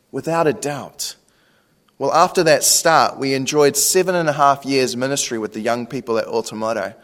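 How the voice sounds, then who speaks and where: A man, a pastor preaching a sermon in a conversational way, often asking rhetorical questions. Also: a little high. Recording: long reverb.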